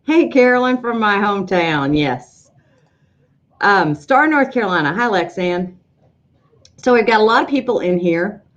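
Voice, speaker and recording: A woman hosting a live sewing-software show, greeting viewers in a chatty, rambling way with frequent ums. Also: mid-range voice, animated, a little slow, muffled recording. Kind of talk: casual livestream chat greeting viewers.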